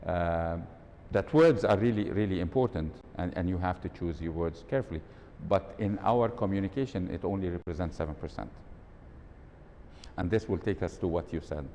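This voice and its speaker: A man with a mellow voice and moderate pace gives a live workshop talk in an event hall, quizzing the audience and demonstrating tones of voice. The recording carries long hall reverb and a faint rumble.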